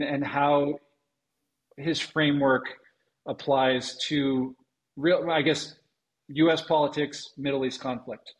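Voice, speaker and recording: A man, a venture investor, answering interview questions in a halting, thoughtful way with many ums and restarts. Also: medium pitch, rough recording.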